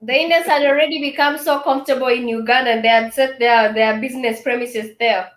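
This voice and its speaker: A woman hosts a casual chat, mostly offering short agreements in a fairly high voice. The room around her sounds echoey. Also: fairly even intonation, fairly quick, slight background noise. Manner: agreeable, brief affirmations. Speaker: host.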